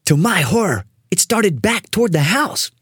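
Brief: lively, husky storyteller reading a spooky kids' story, dry close mic. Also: medium pitch, moderate pace, dry recording. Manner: expressive, building suspense. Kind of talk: dramatic read-aloud of a spooky children's story.

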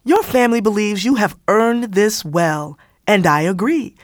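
A woman voicing the oldest woman of an Amish community, gentle and firm, with old-fashioned speech. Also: mid-range voice, a little slow, no echo, studio quality, natural voice. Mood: kindly. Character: Martha, oldest Amish woman, kindly and authoritative.

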